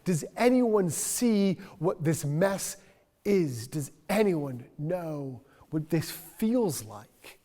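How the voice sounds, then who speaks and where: Man playing a desperate grieving woman, pleading, stammering, high voice, long hall echo. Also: very animated, very slow, warm tone, full character voice.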